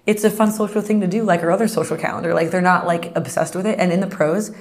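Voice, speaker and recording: Fast-talking young woman telling stories. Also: fairly low pitch. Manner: animated storyteller, acts out quotes, heavy "like". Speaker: podcast guest, pro soccer player. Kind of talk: casual interview chat.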